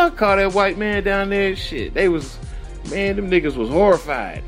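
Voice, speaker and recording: High-voiced man telling prison stories. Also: moderate pace, faint music behind. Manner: profane, laughs often, acts out quotes. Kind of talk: casual podcast storytelling.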